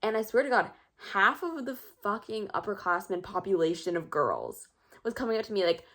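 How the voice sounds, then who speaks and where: A woman's voice: medium pitch, sing-song, normal speed, fairly bright tone, a little hiss or hum. A teenage girl vlogging in a casual, rambling, self-mocking monologue full of filler words. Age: teens.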